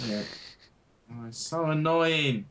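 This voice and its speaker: A man's voice: a little high, slow pace, fairly bright tone, slight background noise. A young man, rambling and swearing in casual chat while playing a game. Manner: rambling, swearing, stumbling restarts. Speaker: gamer.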